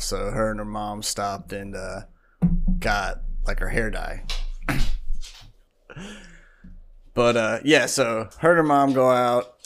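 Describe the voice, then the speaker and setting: With a voice on the low side and a touch of brightness, a man co-hosting a podcast tells a long, rambling story. The casual chat is thick with fillers and asides.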